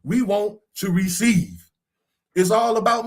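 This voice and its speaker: A man's voice: high-pitched, very animated, unhurried. A man hosting a podcast discussion, talking in a preachy, casual way and swearing now and then. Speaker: podcast host.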